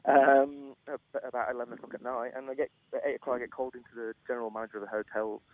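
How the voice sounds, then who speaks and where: A middle-aged Englishman, a chef appearing as a radio guest, tells a story at a racing pace in a flat, medium-pitched voice, acting out quotes and laughing often. It's a casual storytelling interview recorded on a studio microphone in a radio studio, with noticeable background noise.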